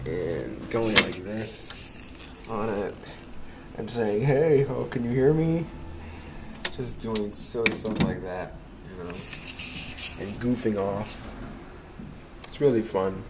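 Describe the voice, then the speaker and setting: A man's voice: on the low side, creaky, noisy background. A young man, chatting casually to camera in a rambling, nostalgic way and laughing often. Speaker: vlogger.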